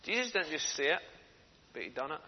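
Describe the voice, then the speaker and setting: A man's voice: a little high, big pitch swings, brisk, husky. A man preaching a sermon, telling stories earnestly and building to passionate emphasis. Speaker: speaker for a children's charity preaching in church. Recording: echoey hall, dull lo-fi sound, faint noise.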